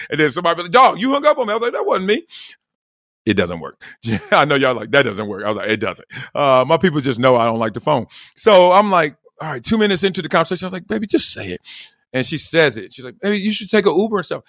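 In a relaxed monologue, this middle-aged podcast host spins stories with plenty of energy, imitating quoted voices and frequently breaking into laughter. He has a mid-range voice, captured as dry, clean studio sound.

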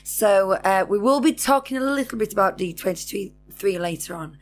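A woman's voice: medium pitch, animated, moderate pace. A woman co-hosting a casual live chat show, bubbly and chatty. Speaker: co-host.

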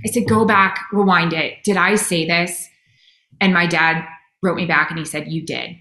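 Middle-aged woman, sideline reporter, animated casual interviewee, quick restarts, roomy echo. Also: lowish voice. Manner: animated, self-deprecating, quick bursts with restarts.

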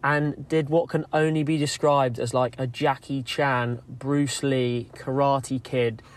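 Lively man telling a cycling story. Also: on the high side. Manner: lively storyteller, acts out quotes. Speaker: listener sending in a story. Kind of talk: recorded voice note story.

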